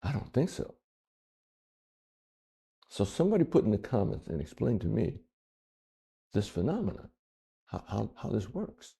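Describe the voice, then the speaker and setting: A man with a low, husky and gravelly voice gives video commentary. He speaks deliberately, posing pointed questions and repeating lines for emphasis. His tone is dark and his pitch moves a lot. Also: sing-song.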